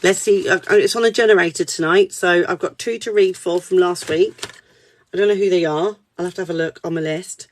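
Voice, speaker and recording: A woman's voice: fairly low pitch, fairly even intonation, a little fast, a little hiss or hum. Reassuring woman reading cards. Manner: reassuring, candid, swears casually. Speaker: spiritual card reader. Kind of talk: live spiritual reading chat. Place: at a desk.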